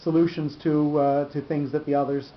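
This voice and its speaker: A man teaching a study session who explains slowly, with fillers and restarts. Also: level tone. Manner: halting, many restarts and fillers, slows to spell out terms. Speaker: Torah teacher. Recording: dull echoey room with faint rumble.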